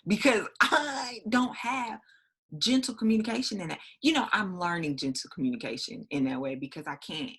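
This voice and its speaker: A young woman co-hosting a casual chat who tells personal stories in a candid, reflective way, with a husky voice. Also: deep voice, fast, hardly any pauses, a bit bright. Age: young adult. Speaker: podcast co-host.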